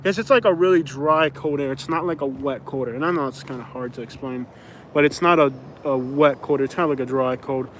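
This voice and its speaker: This livestream host, a man from Florida, rambles and chats with viewers while outside in a suburb, reading their comments aloud as he goes. He talks fairly quickly in a mid-range voice, and a little distant traffic can be heard.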